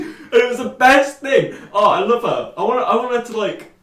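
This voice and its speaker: A British man chats on a podcast in a rambling, animated way. His slightly high voice swings widely and leaps up whenever he quotes someone. He sits back from the mic in an echoey room. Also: moderate pace. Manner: animated, rambling, shoots up in pitch when quoting. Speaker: podcast co-host. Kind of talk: casual chat.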